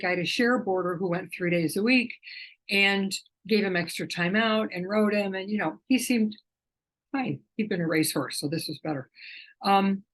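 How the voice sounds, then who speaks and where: A middle-aged woman, an animal communicator, telling a rambling, emotional personal story in a gentle way. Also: medium pitch, low-quality recording. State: tearful at times.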